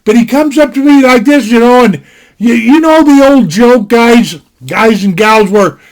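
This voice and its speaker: A man's voice: very high voice, a little slow. An older man from Montana telling a rambling, folksy anecdote at home, packed with "you know" asides. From Montana, USA. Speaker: storyteller. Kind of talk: casual spoken anecdote. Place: home desk. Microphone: desktop mic.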